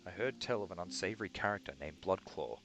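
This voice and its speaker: A man's voice: low-pitched, animated, fast. A man voicing a pompous young knight lieutenant in a video game, speaking formally and tripping over his words. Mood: stiff. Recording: music playing behind.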